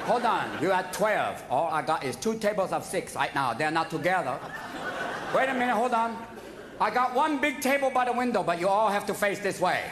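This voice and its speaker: A man performing a stand-up comedy routine on stage, with an animated delivery that jumps between his own voice and quick character bits. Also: sits high. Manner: quick-switching, animated delivery with sudden voice drops for quoted characters. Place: large venue before a live audience. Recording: echoey hall, loud crowd laughter. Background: audience laughter and crowd noise.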